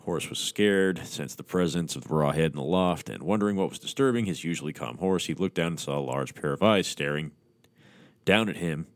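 A man's voice: very deep voice, brisk, dry recording. A man hosting a podcast, reading a horror story aloud with crude, mocking asides. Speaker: podcast host.

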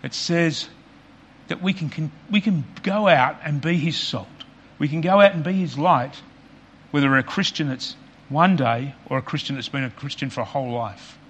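A man preaching a sermon as pastor, earnest and repetitive for emphasis, often dropping quiet on key points. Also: fairly high pitch, normal speed, slightly rough, highs cut off.

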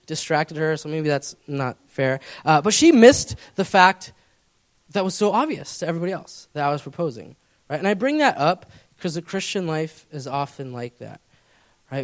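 A young male preacher tells a personal story to his audience in a loose, rambling way, full of fillers. His voice is high and very animated, leaping up and down in pitch. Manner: casual, rambling, heavy fillers. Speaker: pastor. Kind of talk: storytelling sermon.

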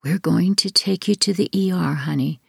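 A woman voicing a gentle adult female nurse in an audiobook, speaking softly and reassuringly. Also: on the low side, moderate pace, vocal fry, slightly rough, no echo, clean studio sound, voice pushed up, heavily acted. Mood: soothing.

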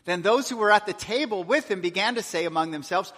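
A man's voice: high-pitched, fast talker, fairly bright tone. A male pastor preaching a sermon, earnest, with rising and falling emphasis. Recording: long hall reverb.

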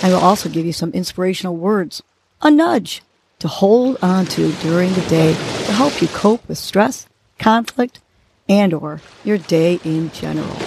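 A woman hosting a podcast, leading a guided breathing exercise and giving a gentle, encouraging pep talk. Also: mid-range voice, noisy background. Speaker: podcast host.

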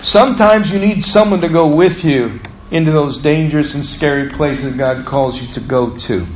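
Man, pastor, sermon, high voice, emphatic rises, hushed drops, faint hiss behind. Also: normal speed, poor audio.

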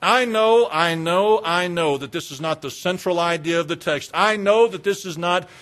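A man preaching a sermon, retelling a story dramatically with repetition and swinging between loud passion and hushed quiet. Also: high-pitched, moderate pace. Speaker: pastor.

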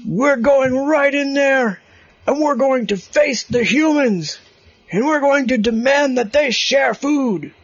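A man's voice: extremely high pitch, slow, no echo, muffled recording, pitched above the performer's own voice, heavily acted. A man doing a big rousing rat leader. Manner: proclaiming, speech-making. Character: large male rat rebel leader, rousing.

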